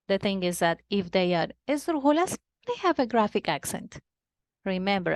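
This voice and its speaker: Patient woman teaching slowly. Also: mid-range voice, no echo. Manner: patient, repeats and stretches words. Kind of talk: slow, clear children's lesson.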